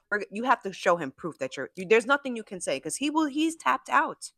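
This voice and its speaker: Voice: mid-range voice, sing-song, a little fast, few pauses, sharp tone, no room sound, clean studio sound. A sports podcast co-host talking football in a blunt, profane, casual way. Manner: blunt and profane, acts out players' imagined thoughts.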